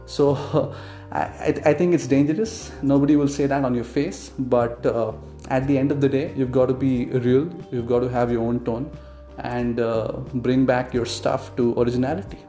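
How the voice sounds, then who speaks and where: A man from India hosting a solo podcast monologue. He is opinionated and often fills pauses with "uh" and "you know". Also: mid-range voice, steady tone, mellow. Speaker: podcast host. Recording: roomy echo with faint guitar music.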